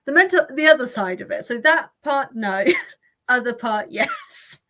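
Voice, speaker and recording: A woman's voice: high-pitched, sing-song, a little slow, bright, forceful tone. A woman hosting a casual livestream chat, rambling and laughing often. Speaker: livestream host.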